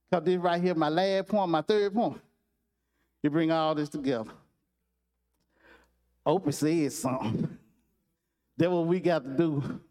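A man's voice: on the high side, darkish tone. A man preaching a sermon in a conversational storytelling style, repeating phrases and addressing listeners directly.

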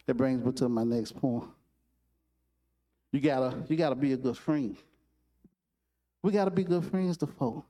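A man preaching a sermon, telling a story in a lively, repetitive way and acting out its characters. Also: mid-range voice, moderate pace, long pauses. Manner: repetitive, animated storytelling with restarts.

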